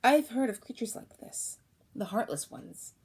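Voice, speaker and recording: A woman voicing a soft-spoken, ominous village midwife. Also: fairly high pitch, lively intonation, a little slow, breathy edge, pitched above the performer's own voice, exaggerated voice. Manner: gentle but ominous. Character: sweet-seeming village midwife, grim advice.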